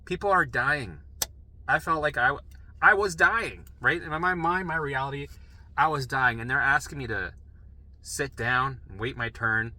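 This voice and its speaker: Bright-voiced man telling a frantic story. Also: mid-range voice, moderate pace, poor audio. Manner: profane, animated, frantic retelling. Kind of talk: personal storytelling monologue.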